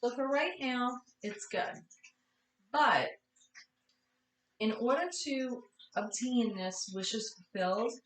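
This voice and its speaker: A woman's voice: a little high, slow, long pauses, roomy sound, far from the mic, rough recording. Tired woman giving a tarot reading. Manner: chatty, apologetic, self-correcting. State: tired, yawning. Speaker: tarot reader.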